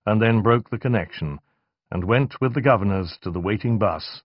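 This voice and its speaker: A man narrating a fantasy novel in a measured, expressive reading. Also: fairly low pitch, dry recording, lo-fi sound. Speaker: audiobook narrator. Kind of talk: scripted narration.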